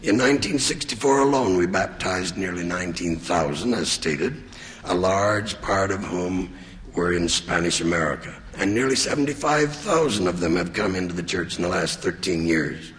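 A man giving an earnest, measured sermon as a church leader. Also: deep voice, a bit bright. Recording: long reverb of a large hall.

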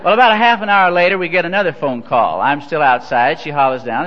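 A man's voice: medium pitch, a little fast, few pauses, a bit bright. Folksy older man. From Missouri. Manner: folksy, self-deprecating storyteller with chuckles. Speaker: church leader. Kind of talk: humorous anecdotal sermon. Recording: dull, echoey hall recording.

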